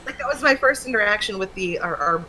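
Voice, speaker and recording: Chatty woman telling animated stories. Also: mid-range voice, fast, poor audio. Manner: animated storytelling, laughs often. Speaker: streamer co-host. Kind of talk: casual chat. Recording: faint background noise.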